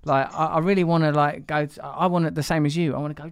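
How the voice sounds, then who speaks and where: A host in his forties, musing at length in a casual chat. His voice is smooth and resonant, recorded dry and close. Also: fairly high pitch, fairly even intonation, fast talker, dry recording. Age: 40s. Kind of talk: casual conversation.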